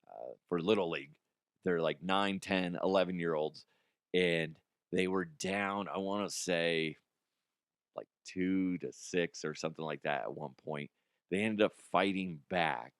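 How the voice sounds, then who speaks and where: A man hosting a comedy show, his voice hoarse and strained, chatting casually in a rambling, excitable way and laughing often. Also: deep voice, no echo, clean studio sound. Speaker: comedy show host and youth baseball coach.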